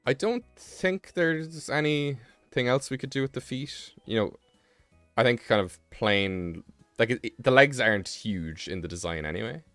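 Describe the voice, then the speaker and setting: A man's voice: medium pitch, lively intonation, unhurried, a bit bright, dry recording, faint music behind. A young British man streaming live, chatting casually and rambling with self-mocking asides while he draws. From Britain.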